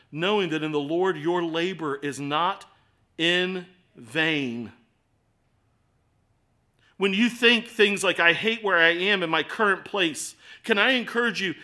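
Male preacher, sermon delivery, high-pitched and bright, earnest. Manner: earnest, swings from hushed to impassioned.

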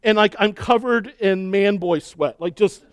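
A middle-aged man preaching a sermon and telling a story with lively, acted-out shouting and cheering. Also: high voice, a little slow, smooth, no echo, studio quality. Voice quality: balding. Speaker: pastor.

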